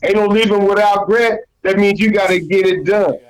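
A man delivering freestyle rap verses in a steady, rhythmic flow. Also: sits high, brisk, smooth, rough recording. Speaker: freestyle rapper.

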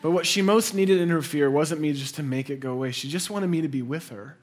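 A man in his thirties preaching a sermon as a pastor, earnest, mixing personal stories with building emphasis and quiet, low endings. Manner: earnest, builds to intense emphasis then drops soft and low; conversational storytelling with quick asides.

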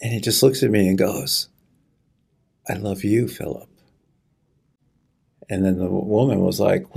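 Middle-aged male guest, earnest halting testimony, dark husky tone. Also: fairly low pitch. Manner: earnest, halting storytelling, choking up. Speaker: guest sharing a personal story. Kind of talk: conversational testimony.

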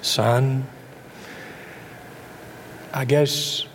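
A preacher voicing a calm, gentle father. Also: mid-range voice, drawn-out words, a little hiss or hum. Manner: soft and gentle. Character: calm loving father speaking to his son. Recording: long reverb in a hall.

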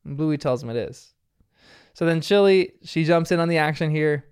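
A man's voice: fairly high pitch, normal speed, clear, resonant tone. Chatty, rambling man recapping an episode. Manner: chatty and rambling, heavy with filler words. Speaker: show recapper. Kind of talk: casual episode recap commentary.

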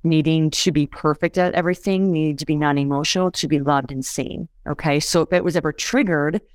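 A woman's voice: sits low, steady tone, fairly quick, no echo. A woman who is a podcast guest, explaining in a conversational way and often checking in with listeners by asking if it makes sense. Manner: keeps checking in with listeners, "you guys", "does that make sense".

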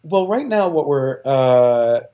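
Rambling, eager man with a mellow voice. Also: medium pitch, expressive, slow pace, dull audio. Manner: enthusiastic, rambling with many fillers and restarts. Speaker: choir director and guest. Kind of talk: casual interview talk.

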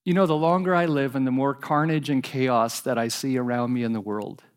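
A pastor preaching a sermon, earnest and animated, dropping to soft pleading repetitions. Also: male voice, medium pitch, fairly quick.

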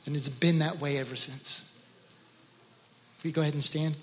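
A man's voice: a little high, steady tone, normal speed, fairly bright tone, in a large hall. Earnest man giving a testimony sermon. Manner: earnest storytelling, rising to intense emphasis. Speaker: guest speaker.

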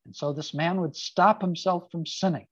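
Preacher for a relaxed Torah talk, chatty with wry asides, mid-pitched, muffled and dry recording. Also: normal speed, slightly rough, dry recording. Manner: conversational, with casual asides and fillers. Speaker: speaker giving a Torah talk. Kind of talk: informal sermon on a Jewish text.

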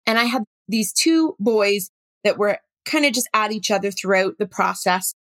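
A middle-aged woman, a workshop facilitator telling a story with animated, acted-out dialogue. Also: mid-range voice, moderate pace, no room sound. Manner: animated, acts out dialogue in her stories. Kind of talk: storytelling talk.

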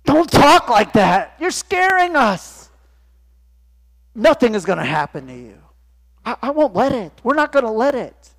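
A preacher acting out a fretful, cocky disciple. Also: male voice, very high voice, big pitch swings, measured pace, fairly bright tone, no room sound, voice pushed up, heavily acted. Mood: pleading. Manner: pleading then boastful, casual modern slang. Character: anxious, overconfident male disciple.

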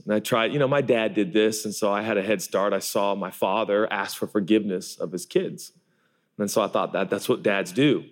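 A man in his forties preaching a sermon in an animated, self-deprecating way, often acting out voices. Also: on the low side. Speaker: pastor.

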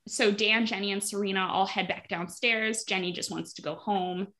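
A woman's voice: mid-range voice, steady tone, moderate pace, fairly bright tone. A woman hosting a casual podcast, recapping an episode in a chatty way with lots of fillers. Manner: chatty, frequent fillers, acts out quotes. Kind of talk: casual chat.

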